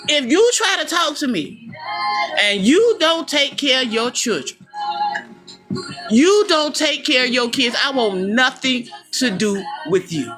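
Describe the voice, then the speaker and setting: A woman's voice: high voice, pushed and bright. A middle-aged woman delivering a blunt, profane personal rant straight to the listener, calling them baby and boo. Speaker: vlogger.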